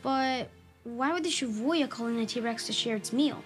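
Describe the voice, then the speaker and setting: A woman voicing a curious young boy scientist in a cartoon, excited and explaining. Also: a little high, normal speed, soft background music, natural voice. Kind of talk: cartoon voice acting.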